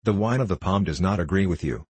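A man's voice: deep voice, lively intonation, fast talker, a little mellow, breathy edge, dry recording. A man voicing a proud, cold young queen who talks in a haughty, dismissive way.

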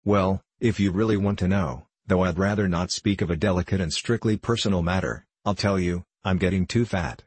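A man reading as a frivolous chatty gentleman. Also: low-pitched, brisk, few pauses, breathy edge, dry recording. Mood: solemn joking. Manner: solemn-toned, joking.

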